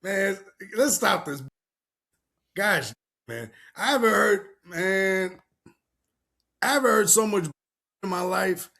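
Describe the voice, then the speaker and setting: A man's voice: high-pitched, lively intonation, slow pace, creaky, long pauses, pushed and bright. A young adult man hosting a podcast, talking bluntly and loosely while reacting to a video clip. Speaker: podcast host. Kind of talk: casual chat reacting to a clip.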